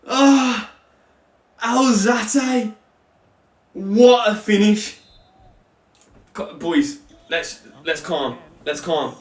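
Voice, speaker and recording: A young man hosting a video game let's-play, excitable and given to loud celebratory shouts. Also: sits high, drawn-out words, long pauses, reverberant. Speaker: gaming channel host. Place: home room.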